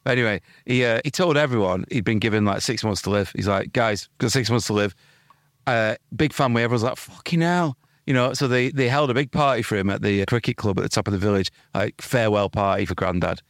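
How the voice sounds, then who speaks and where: A young man rattles through stories at a brisk clip, swearing freely and slipping into voices of the people he describes. He sounds close to the mic in a dry, dead room. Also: fairly low pitch, no echo. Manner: swearing, laughing storyteller who mimics other people. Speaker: podcast co-host. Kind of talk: casual banter telling anecdotes. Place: home studio.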